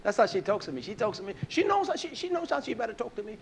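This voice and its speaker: A man preaching a sermon in a fiery, scolding style that drops to a quiet, storytelling voice. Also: high-pitched, sing-song, fast talker, vocal fry, slight background noise.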